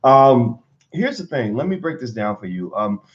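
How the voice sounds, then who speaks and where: A man's voice: mid-range voice, big pitch swings, normal speed, dull audio. A man in his forties from Kentucky, giving a rambling, motivational livestream talk from home at his computer. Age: 40s. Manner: rambling, motivational, many fillers. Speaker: motivational vlogger.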